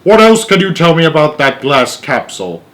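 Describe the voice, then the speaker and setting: A man voicing a rude, blustering male President with a rasping voice, in a storybook read-aloud. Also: on the high side, sing-song, moderate pace, pitched above the performer's own voice, rough recording. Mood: bossy, barking. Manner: barking, impatient.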